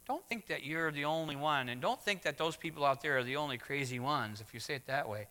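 A man preaching a sermon as pastor, swinging from hushed words to loud exclamations. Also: on the high side, a little fast. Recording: long hall reverb.

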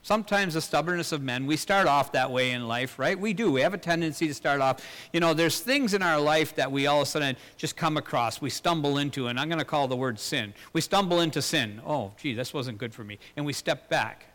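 A man preaching a sermon in an earnest way, asking rhetorical questions, swelling louder and then dropping low. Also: fairly quick. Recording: long hall reverb.

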